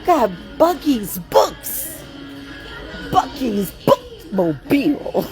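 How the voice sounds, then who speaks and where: A woman's voice: high voice, extremely slow, rough recording. Lady vlogging in a big store, voice jumps all over, music under it. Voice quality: excitable, animated, laughs often. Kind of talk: casual shopping vlog chat. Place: large store, indoors.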